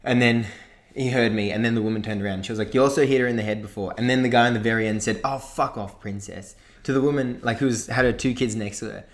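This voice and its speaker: A young Australian man, a podcast co-host, rambles through a long anecdote in casual chat. He swears freely and keeps circling back to the story. His voice sits at a middle pitch. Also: steady tone, quick pace.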